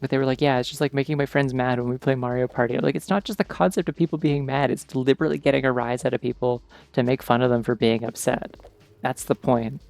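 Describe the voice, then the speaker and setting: A man talks fast while streaming a game, meandering through casual chat stuffed with "like." The dry recording captures a steady, creaky, somewhat mellow mid-range voice, with game music faintly in the background.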